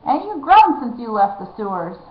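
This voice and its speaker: Old male rat catcher, booming, hard of hearing, read by a woman, dull lo-fi sound. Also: very animated, moderate pace. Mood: booming, hearty. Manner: loud, booming, country dialect. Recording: echoey, dull lo-fi room.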